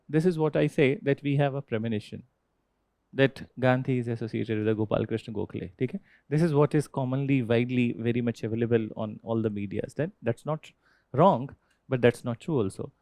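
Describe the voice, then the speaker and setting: A man's voice: medium pitch, fairly quick, dark tone, no echo. Indian man lecturing a history class. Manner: quizzes students, repeats key phrases, tags with "okay?". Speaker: history teacher.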